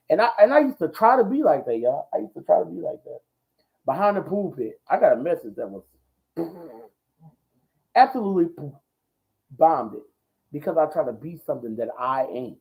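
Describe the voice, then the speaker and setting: Ministry talk host, male, bold and loud, heavy on slang and repetition, low gravel in the voice. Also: big pitch swings, normal speed, pauses often, narrow, tinny audio. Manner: answers viewer comments. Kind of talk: casual preaching talk.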